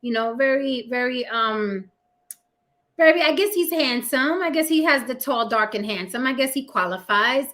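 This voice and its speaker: A woman's voice: sits high, lively intonation, normal speed, a bit bright. A woman with a New York accent hosting a casual livestream chat, blunt, sassy and full of profanity. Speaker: host.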